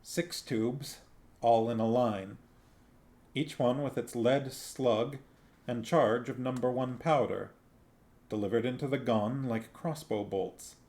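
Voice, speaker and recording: A man reading a novel aloud on a stream, narrating slowly. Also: medium pitch, a little mellow. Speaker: reader on a stream.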